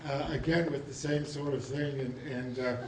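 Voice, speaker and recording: A man's voice: medium pitch, steady tone, moderate pace, slight background noise. A man in the audience telling an anecdote in a hesitant, amused way. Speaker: audience member. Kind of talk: casual anecdote. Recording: distant roomy audience mic.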